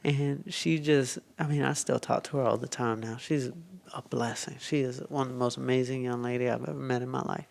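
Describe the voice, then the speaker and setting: A man, a podcast guest telling a story with animated quotes and whispered asides. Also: mid-range voice, a little fast, gravelly, few pauses.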